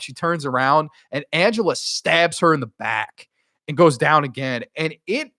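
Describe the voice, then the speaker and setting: Excitable man reviewing horror films. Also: a little high, moderate pace, no echo, clean studio sound. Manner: excitable, profane, rambling with fillers. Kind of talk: casual spoken film review.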